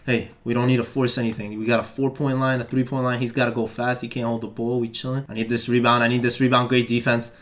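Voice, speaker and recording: A young man, commentating his own basketball video game play, swinging between excited yelling and flat, deflated muttering. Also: medium pitch, quick pace, hardly any pauses. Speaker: gaming YouTuber. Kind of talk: live gameplay commentary.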